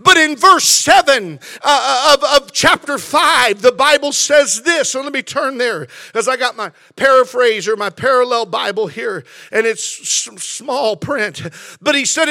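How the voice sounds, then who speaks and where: A man preaching a sermon as pastor, building from quiet reflection to passionate shouting with lots of repetition. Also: extremely high pitch, no echo. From California.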